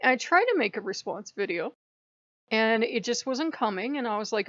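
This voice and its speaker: A woman's voice: on the high side, animated, normal speed, fairly bright tone, dry recording. A woman hosting her own spiritual vlog, talking in a rambling, profane way and laughing often. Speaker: spiritual channel host. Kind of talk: casual vlog monologue. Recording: dull lo-fi, dry.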